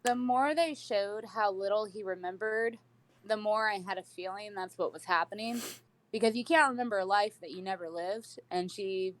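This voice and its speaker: A woman's voice: mid-range voice, normal speed, dry recording. A woman on a podcast in casual chat, explaining her reasoning step by step. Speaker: podcast guest.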